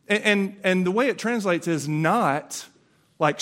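A man preaching with a Southern US accent, his voice sitting a little higher than most men's. He talks to the congregation in a casual, impassioned way and stumbles through quick repeated restarts. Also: animated, fairly bright tone. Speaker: pastor. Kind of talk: Easter sermon.

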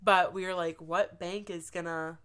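A woman's voice: fairly low pitch, normal speed, smooth. A woman in her thirties, earnestly telling a personal story in casual chat, saying "like" often. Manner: earnest, animated storytelling with frequent "like".

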